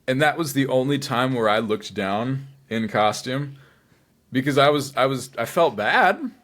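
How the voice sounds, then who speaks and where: A man guest telling a story with dramatic flair, dropping into hushed asides for his inner voice. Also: medium pitch, lively intonation, unhurried. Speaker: cosplayer guest. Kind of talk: animated storytelling.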